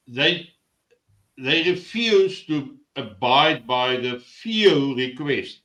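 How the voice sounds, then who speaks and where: Slow host, echoey room. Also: male voice, mid-range voice, pushed and bright. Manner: slow, searching for words. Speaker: host of a live discussion show. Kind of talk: interviewer asking long questions. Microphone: video call.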